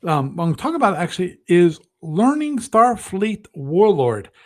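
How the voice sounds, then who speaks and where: A man's voice: high voice, very animated, moderate pace. Rambling, self-mocking man hosting a live stream. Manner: rambling, self-deprecating, thinks aloud with many restarts. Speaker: host of a gaming livestream. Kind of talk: casual live-stream commentary.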